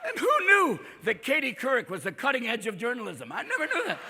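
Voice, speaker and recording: A man doing a live stand-up set, manic and profane, jumping in and out of quick impressions. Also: very high voice, huge pitch swings, sharp tone. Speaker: stand-up comedian. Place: on stage before a live audience. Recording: live crowd laughter, noisy hall.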